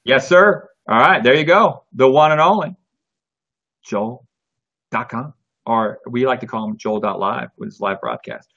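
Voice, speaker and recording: A man's voice: medium pitch, measured pace, vocal fry. A man hosting a live streaming show in casual, joking chat. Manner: jokey, lively, self-mocking. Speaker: livestream show host. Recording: dull lo-fi stream audio.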